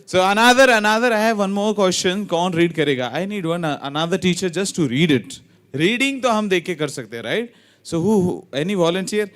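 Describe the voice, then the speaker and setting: This emcee speaks in a high-pitched, expressive, slightly bright voice, racing along. Hosting a quiz game at a ceremony in a large hall, he teases teachers with tongue twisters and playfully mixes English and Hindi.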